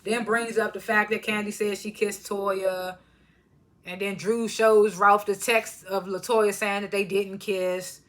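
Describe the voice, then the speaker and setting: Woman recapper with AAVE speech, casual and animated, bright tone. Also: mid-range voice, measured pace. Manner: laughs often, animated retellings of quotes. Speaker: reality TV recapper.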